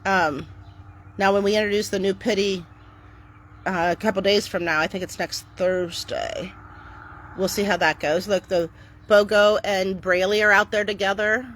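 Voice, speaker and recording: A middle-aged woman talking casually to camera outdoors on her property, chatty and upbeat, switching to a bright cheery voice when she greets her dogs. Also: medium pitch, steady tone, moderate pace, slight background noise. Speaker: dog owner vlogger.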